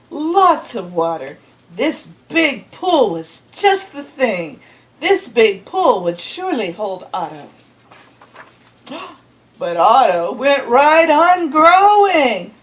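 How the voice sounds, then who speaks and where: A woman reading a children's picture book aloud, expressive, with gasps and asides to the listener. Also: fairly high pitch, low-quality recording. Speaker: storybook reader.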